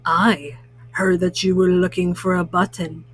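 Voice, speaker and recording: A woman voicing a friendly, helpful male raccoon in a children's storybook, putting on a lower, softer voice. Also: flat delivery, a little slow, breathy edge, dry recording.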